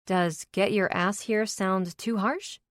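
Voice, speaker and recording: A woman's voice: mid-range voice, steady tone, takes it slowly, dry recording, clean studio sound, natural voice. A woman narrator voicing a chatty, bossy young woman among friends in an audiobook.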